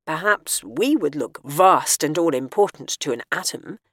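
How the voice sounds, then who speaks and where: A woman's voice: low voice, very animated, fairly quick, no echo, clean studio sound. A woman reading an audiobook, voicing a clever, wry woman who lectures and prods insistently. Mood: pointed, prodding.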